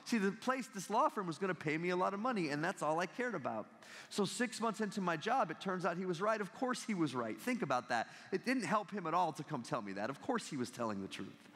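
A man's voice: high-pitched, animated, fairly quick, a bit bright. A man in his thirties giving a campus talk as a guest speaker, telling a story with jokes and acting out the quoted lines. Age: 30s. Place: large hall. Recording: long hall reverb.

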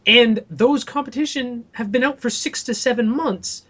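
A young man with a notably high voice rants through a casual podcast chat. He talks animatedly and swears freely. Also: moderate pace. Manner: animated ranting with profanity. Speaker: podcast co-host.

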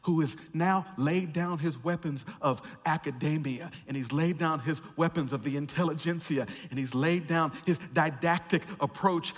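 Preacher man, high voice, rhythmic shouty refrains, big echoey church. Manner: drops to quiet, joking asides to the congregation. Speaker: pastor. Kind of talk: sermon. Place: large church sanctuary. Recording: reverberant church hall.

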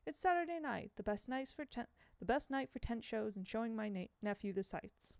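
A woman voicing a gentle, nervous older schoolteacher who speaks softly and politely. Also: on the high side, expressive, brisk, gravelly, no room sound, clean studio sound.

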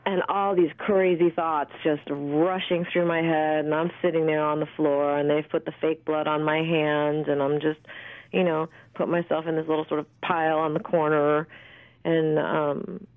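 A woman's voice: low-pitched, no room sound. Woman in her 50s telling stories over a phone line, chatty and blunt, swears a bit, thin dry sound. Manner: animated, candid, swears freely, many fillers. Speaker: actress and interview guest. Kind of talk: casual storytelling interview.

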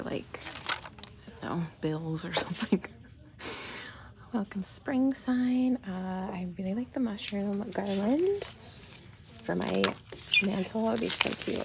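A woman filming a casual shopping vlog. She talks from her car, then murmurs half-whispered comments as she browses a quiet store. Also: medium pitch, creaky, heavy background noise. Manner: chatty, gushing over cute finds. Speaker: shopping vlogger.

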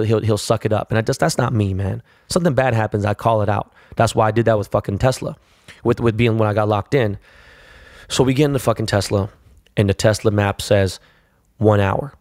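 A man's voice: on the low side, darkish tone, dry recording. A man tells a rambling, profanity-laced story on his own podcast. The sound is dry and close, with no room around it. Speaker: podcast host. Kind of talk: casual solo storytelling.

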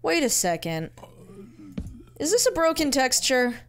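Slow, lively-voiced woman gamer muttering. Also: sits high, a little hiss or hum. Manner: muttering to herself, playful, easily amused. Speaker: let's-play gamer. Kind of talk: casual gameplay commentary.

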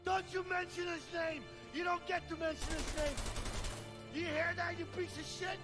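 An actor voicing a furious, betrayed adult male convict in a video game who shouts threats and curses. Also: very high voice, little pitch movement, moderate pace, over music. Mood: enraged.

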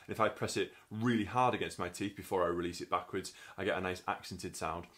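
Low-voiced man teaching brass technique. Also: fairly even intonation, quick pace, a bit bright. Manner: methodical, explanatory, sounds out syllables. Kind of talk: instructional tutorial.

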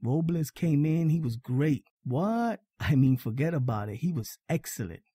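A man's voice: fairly high pitch, animated, normal speed, warm tone, breathy edge, no room sound. A man hosting a casual sports fan podcast, talking emphatically, repeating his points and checking in with "all right?". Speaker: podcast host.

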